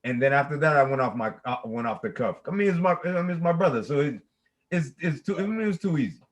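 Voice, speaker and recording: A man's voice: fairly high pitch, expressive, quick pace, poor audio. A young man co-hosting a podcast in casual chat, rambling with many restarts. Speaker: podcast co-host.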